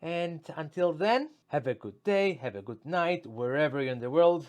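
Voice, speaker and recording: A man's voice: on the high side, expressive, moderate pace, a little mellow. Blunt, profane man ranting casually. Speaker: YouTuber. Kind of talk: casual vlog monologue.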